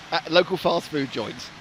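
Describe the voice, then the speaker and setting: A man's voice: fairly high pitch, slow pace, fairly bright tone, slight background noise. A man, chatting and joking as a live racing stream commentator. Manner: chatty, jokey, rambling.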